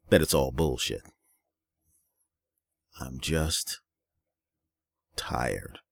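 A man with a very deep voice delivers a solo podcast rant. He sounds worn out and angry, and he swears and circles back on the same points. The recording is close and dry. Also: a little mellow, no room sound. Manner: angry, profane and repetitive. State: weary. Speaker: podcast host.

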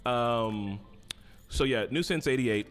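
A man's voice: mid-range voice, takes it slowly. A young man, a podcast guest in casual interview chat, laid-back and jokey with many fillers.

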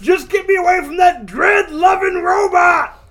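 A desperate jailed prisoner, as a man puts him on, screaming high and loud to be let out, from a comic-book read-aloud on a podcast. The voice cracks upward into frantic pleas. It is played well above the man's usual pitch. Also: lively intonation, moderate pace. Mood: frantic shouting. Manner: shrieking, frantic pleading. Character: panicked male human prisoner, desperate.

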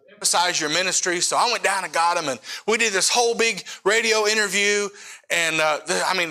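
Male missionary preacher, middle-aged, bright tone, chatty storytelling sermon with asides to the crowd. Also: fairly high pitch. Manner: casual storytelling with frequent asides to the audience. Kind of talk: sermon testimony.

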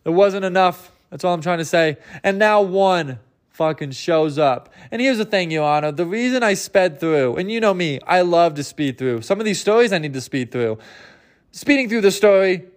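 A man with a high voice hosts his own comedy podcast. He rambles loosely through a story, mocks himself and slips into the voices of the people he describes. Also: animated, moderate pace. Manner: rambling, self-mocking, acts out characters. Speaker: podcast host.

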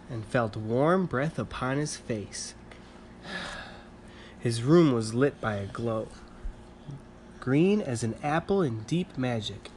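A man reading a picture book aloud to a child at bedtime, calm and even, stopping now and then to ask the child questions. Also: mid-range voice, slow, long pauses, slight background noise. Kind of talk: bedtime story read-aloud.

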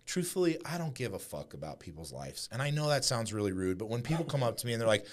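A young man tells brash, profane stories in a casual podcast chat. His pitch swings widely as he talks, from low mutters up to sharp peaks. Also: very animated, fast talker, hardly any pauses. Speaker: podcast guest.

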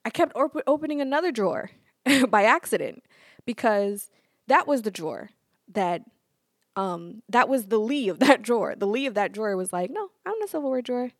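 A woman hosting a casual solo podcast, animated and playful, laughing often and acting out little quotes. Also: mid-range voice, moderate pace, no echo, studio quality. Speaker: podcast host.

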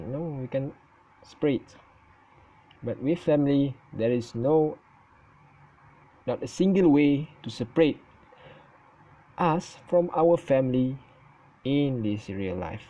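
A man whose first language is Malay, giving his opinion in casual talk on his channel, halting and stuttering and often correcting himself. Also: medium pitch, expressive, warm tone, highs cut off. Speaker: vlogger. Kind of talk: casual spoken opinion recording.

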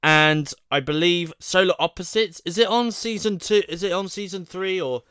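A male vlogger talks on his own in a loose, rambling way, thinking aloud and second-guessing himself as he goes. His voice sits a little high and sounds smooth and clear, recorded dry with no room echo. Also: normal speed, a bit bright. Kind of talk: casual solo chat to camera.

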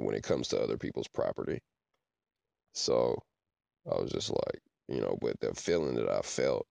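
A man's voice: very deep voice, gravelly, warm tone, dry recording. A man hosting a podcast, talking casually in a rambling way and often checking in with "you know what I'm saying". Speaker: podcast host. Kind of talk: casual monologue.

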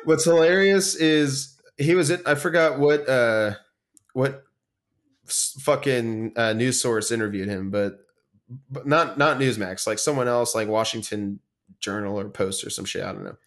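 A man co-hosting a casual podcast chat, swearing freely, ranting and mocking people in quick impressions. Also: mid-range voice. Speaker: podcast co-host.

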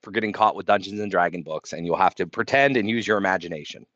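A man's voice: low-pitched, quick pace, a bit bright, no echo, dull audio. A man co-hosting a casual podcast, rambling playfully and laughing often. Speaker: podcast co-host. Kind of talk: casual chat.

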